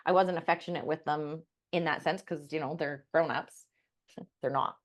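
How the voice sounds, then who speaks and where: A woman's voice: sits low, steady tone, normal speed. A middle-aged woman co-hosting a podcast, telling a family story in a candid, casual way, swearing freely and filling her talk with "like.". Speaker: podcast co-host.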